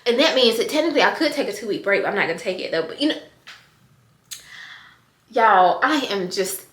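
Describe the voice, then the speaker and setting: Excited woman vlogging in an echoey room. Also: mid-range voice, a little fast. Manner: excited, emotional, addresses viewers as y'all. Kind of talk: casual vlog talk to camera. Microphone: camera on desk.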